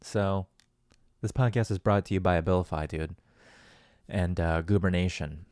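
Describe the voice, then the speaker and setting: Sitting low and a little mellow, the man's voice keeps a fairly even intonation at a moderate pace. The recording is dry and clean, studio quality. As host of a solo podcast, he rambles loosely through a casual monologue, profane and self-deprecating.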